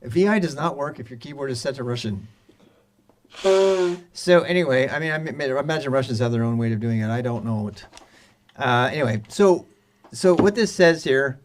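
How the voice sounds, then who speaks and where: A man casually teaching terminal commands on a live stream, rambling and restarting his sentences. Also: medium pitch. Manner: rambling, restarts often, chuckles between points.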